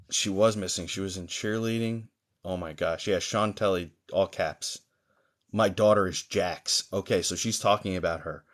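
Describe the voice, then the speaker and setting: A man working as a psychic medium, doing a live-streamed reading for viewers in a halting, searching way, with many pauses and fillers, and gently reassuring them. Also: fairly low pitch.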